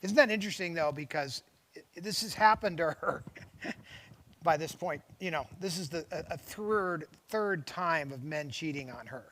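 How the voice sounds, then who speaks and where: A man's voice: fairly high pitch, lively intonation, moderate pace, fairly bright tone. A man hosting a show, reading a memoir aloud on a lapel mic with chatty asides and commentary. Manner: chatty asides, frequent restarts and laughs. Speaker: host.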